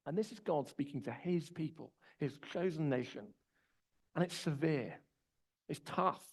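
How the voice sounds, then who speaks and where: A man's voice: on the high side, unhurried, slightly rough, low-quality recording. A man, preaching a conversational sermon with personal stories. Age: 20s. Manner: relaxed storytelling, personal anecdotes.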